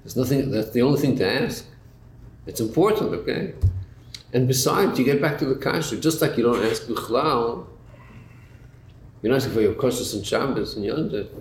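Male Torah teacher, animated questioning delivery, roomy class recording with a faint hum. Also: medium pitch, moderate pace, long pauses. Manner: questioning, repeats words, rhetorical back-and-forth. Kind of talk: Talmudic-style class lecture.

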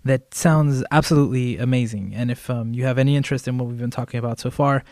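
A man hosting a podcast, introducing his guest eagerly, with filler pauses. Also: mid-range voice, darkish tone, dry recording, studio quality. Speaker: podcast host. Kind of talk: podcast narration and interview.

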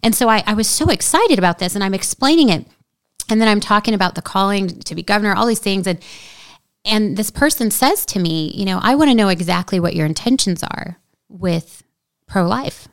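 A woman's voice: medium pitch, expressive, fairly quick, no echo. A woman telling a story in casual conversation, speaking earnestly and shifting into preacher-like emphasis. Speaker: guest.

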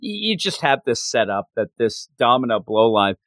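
A man co-hosting a casual chat, animated and excitable, slipping into quoted voices. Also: mid-range voice, normal speed, no room sound, studio quality. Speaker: podcast co-host.

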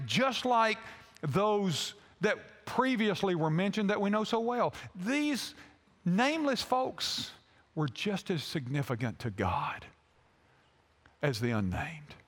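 High-voiced pastor in a reverberant hall. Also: male voice, sing-song, fairly bright tone. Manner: halting storytelling with many fillers. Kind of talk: sermon.

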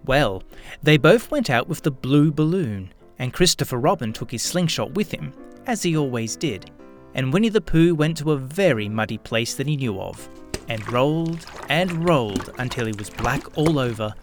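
Male storyteller with a lively, lilting voice. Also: mid-range voice, moderate pace, faint music behind. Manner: animated, expressive reading. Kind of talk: storybook narration with character voices.

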